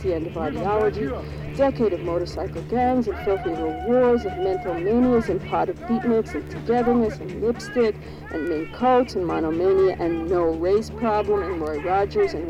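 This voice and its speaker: A woman's voice: medium pitch, lo-fi sound. A woman performing spoken-word poetry, declaiming in a rhythmic, chanting cadence through long lists. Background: music.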